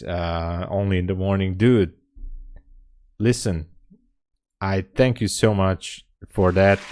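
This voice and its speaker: A man's voice: on the low side, darkish tone. A man with a Hungarian accent, chatting casually on a live trading stream and laughing often as he answers viewer comments. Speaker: day trading livestreamer. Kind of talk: casual livestream chat. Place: home.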